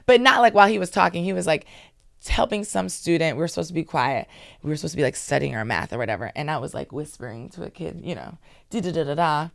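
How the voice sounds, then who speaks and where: A woman in her thirties from Maryland, telling stories in a lively, animated way as an interview guest. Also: low voice, fast talker, vocal fry, no echo, clean studio sound. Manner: lively, animated storytelling with asides. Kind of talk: casual storytelling.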